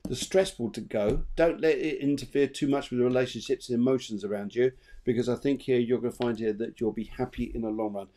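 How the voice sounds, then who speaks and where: A man giving live psychic readings as co-host of an online show, chatty and animated, repeating himself as he goes. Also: mid-range voice, brisk. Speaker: medium and co-host. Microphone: video call.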